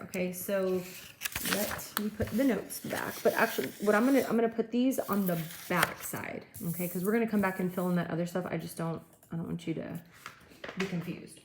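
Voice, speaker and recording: A woman teacher giving a classroom lecture, explaining step by step and checking in with frequent okays. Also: fairly low pitch. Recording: echoey room, faint noise.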